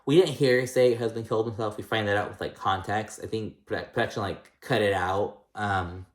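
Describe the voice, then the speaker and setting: Man, lowish voice, chatty gossipy recap, lots of fillers, swears freely, echoey room. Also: fairly even intonation, brisk. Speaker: reality TV recap vlogger. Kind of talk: casual episode recap.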